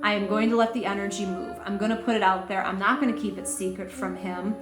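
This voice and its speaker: A woman's voice: medium pitch, fairly even intonation, fast. Woman podcast co-host, open and emotional storyteller, roomy sound, music bed. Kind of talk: casual spiritual chat. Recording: echoey room, music behind.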